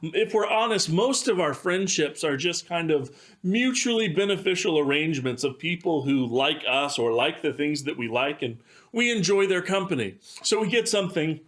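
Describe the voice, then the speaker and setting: A male pastor tells a devotional story at a measured, unhurried pace. He drops in the occasional filler as he goes. His voice sits a little high for a man. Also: expressive, fairly bright tone.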